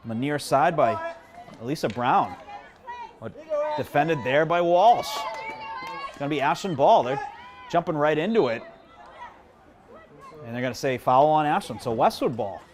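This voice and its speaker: A man doing live play-by-play commentary at a high school field hockey game, chatty and self-deprecating, joking with the viewers between plays. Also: animated, normal speed, long pauses. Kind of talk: live local sports commentary. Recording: crowd noise behind.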